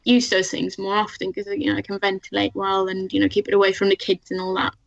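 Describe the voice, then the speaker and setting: This woman speaks with a gravelly edge to her voice. She chats in an easygoing way and laughs often. The sound is a little dull and lo-fi. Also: medium pitch, monotone, fast. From Sweden. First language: Swedish. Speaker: guest artist. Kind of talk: casual interview chat.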